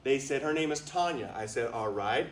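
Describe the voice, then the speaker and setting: A man giving a lively storytelling talk as a motivational speaker, drawing answers from a small live audience. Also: mid-range voice, normal speed, roomy sound, recorded from a distance, poor audio. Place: retreat meeting room with a small audience.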